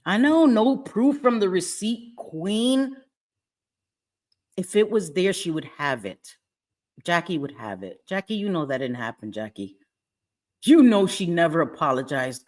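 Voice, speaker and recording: A middle-aged woman hosting a casual live stream from home, talking bluntly with lots of swearing and frequent laughter. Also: lowish voice. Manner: blunt, profane and laughing often. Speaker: livestream host.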